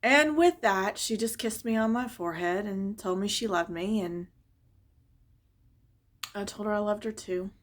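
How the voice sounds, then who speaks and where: Speaking at a measured pace with long pauses, a woman with a mid-range voice recounts a family story for her casual vlog. She's conversational and expressive, and a wistful note creeps in as she looks back.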